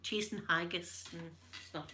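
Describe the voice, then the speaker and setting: Bright-voiced chatty Scottish woman. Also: lowish voice, steady tone, measured pace, a little hiss or hum. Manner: chatty and joking, laughs often. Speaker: ASMR creator. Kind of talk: casual ASMR chat while ironing.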